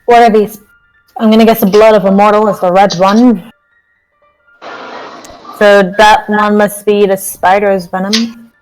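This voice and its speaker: A woman player at a tabletop game with an ordinary mid-pitched voice. She asks blunt questions quickly, with faint music in the background. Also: fairly even intonation, a little mellow, low-quality recording.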